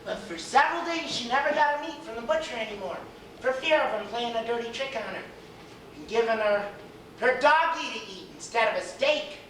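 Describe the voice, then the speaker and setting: A woman's voice: fairly high pitch, animated, a little fast, fairly bright tone. A woman telling a story playfully, often laughing, recorded far off in a noisy echoey room.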